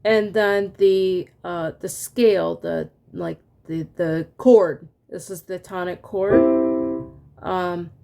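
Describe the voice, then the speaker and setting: A woman's voice: lowish voice, fairly even intonation, slow, vocal fry, mellow. A woman teaching a casual online music lesson, singing solfege syllables and chatting with fillers and laughs.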